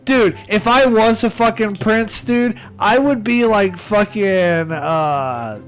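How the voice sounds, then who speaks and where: An American man streaming live, chatting casually in a rambling way, swearing constantly and laughing at his own jokes. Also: high voice. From United States. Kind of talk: casual chat on a livestream.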